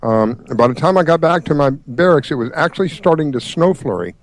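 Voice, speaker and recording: A man's voice: a little high, expressive, brisk. A man hosting a casual chat, telling a story with many hesitations and restarts.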